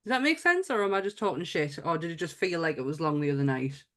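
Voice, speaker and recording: A woman from Sunderland speaks with a northeast Mackem accent, her pitch swinging up and down as she chats and laughs. She co-hosts a casual podcast and swears freely as she talks. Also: expressive, fast talker. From Sunderland, northeast England. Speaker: podcast co-host. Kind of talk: casual chat.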